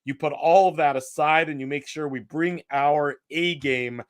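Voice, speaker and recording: A man's voice: fairly high pitch, moderate pace, no echo. Chatty middle-aged man hosting a sports show. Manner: chatty, reads out quotes with asides. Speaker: podcast host. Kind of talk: post-game sports talk show.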